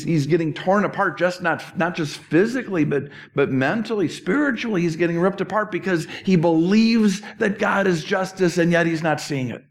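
A middle-aged man preaching with a slightly higher voice than most men. He talks in a conversational way, swinging between quiet asides and raised emphasis, with a self-deprecating humor. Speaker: pastor. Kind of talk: sermon.

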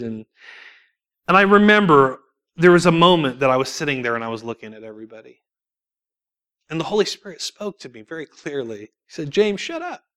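A young man shares his testimony at church, slightly higher-pitched than most men. He tells his story with lively swings in pitch, breaks into laughter often and acts out the lines of others. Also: clear, resonant tone. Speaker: church speaker sharing testimony. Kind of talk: sermon testimony.

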